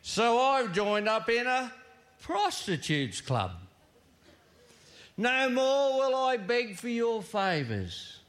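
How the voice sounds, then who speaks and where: A middle-aged drunk husband, as a man acts him out, stammers through his rebellious boasts in a thick, slurred voice. The voice sits high and swoops widely. Every word is dragged out very slowly. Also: sing-song, fairly bright tone, full character voice. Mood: boastful drunk.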